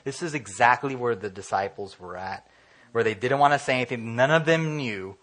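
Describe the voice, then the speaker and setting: A man's voice: mid-range voice, lively intonation, fast talker, fairly bright tone. A man preaching a casual, conversational sermon, often acting out what people say and filling his talk with "you know". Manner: conversational, acts out quoted voices, many fillers.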